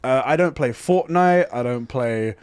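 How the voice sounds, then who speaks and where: A man's voice: mid-range voice, lively intonation, a little slow, a little mellow, smooth, no echo. A young man co-hosting a gaming podcast, chatting casually, swearing and laughing easily as he reads out listener messages. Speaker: podcast co-host.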